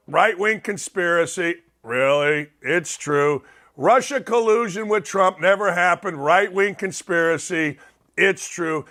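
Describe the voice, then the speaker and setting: A middle-aged man hosting a sports talk show, delivering a sarcastic, opinionated monologue with wide swings for emphasis. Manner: sarcastic, animated, swings pitch widely for emphasis.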